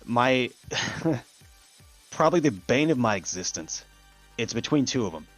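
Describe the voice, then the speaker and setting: A man's voice: mid-range voice, sing-song, unhurried, a bit bright, soft background music. A man talking casually as a guest on a podcast, laughing often and swearing now and then. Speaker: guest voice actor.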